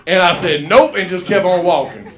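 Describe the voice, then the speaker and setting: A man, performing a rambling, profane stand-up set and loudly acting out the people in his stories. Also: high-pitched, reverberant, slight background noise. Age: 50s. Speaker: stand-up comedian. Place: comedy club stage.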